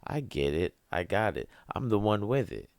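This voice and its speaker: A young man hosting a podcast, with a very deep voice, ranting casually and profanely, rambling and laughing at his own jokes. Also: sing-song, moderate pace, gravelly, no room sound, clean studio sound. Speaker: podcast host.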